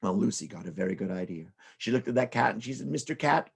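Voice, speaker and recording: A storyteller man spinning a silly children's tale with lively, rhythmic repetition and playful sound effects. His voice is gravelly and husky, at a middle pitch for a man. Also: fast.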